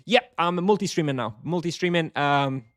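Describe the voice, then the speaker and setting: A man's voice: a little high, moderate pace, smooth, no echo, studio quality. A man streaming a game live, chatting casually and answering viewers at length. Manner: rambling, reads chat aloud and answers.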